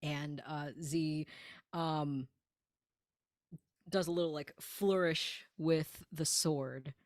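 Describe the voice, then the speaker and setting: Laid-back woman playing a tabletop game, slow, laughs a lot, dry close sound. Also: sits low, steady tone, dry recording. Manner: giggly, rambling, lots of filler. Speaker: player. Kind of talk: casual tabletop game chat.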